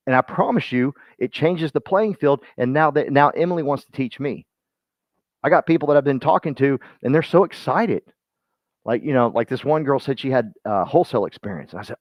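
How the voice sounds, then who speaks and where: A man giving a folksy, animated motivational talk to his real estate team, speaking to listeners by name. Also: on the high side, a little fast, no echo. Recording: dull lo-fi sound.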